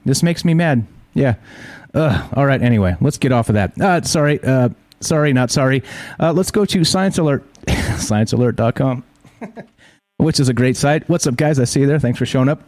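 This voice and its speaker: A man's voice: mid-range voice, moderate pace, a little mellow, dry recording. A male host giving heated, profane news commentary full of rhetorical questions.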